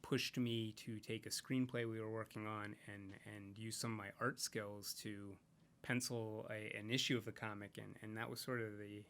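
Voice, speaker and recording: With a fairly low pitch and flat delivery at normal speed, this man's tone is fairly bright. He's a comics creator on a podcast, rambling thoughtfully in casual interview chat, full of fillers and restarts.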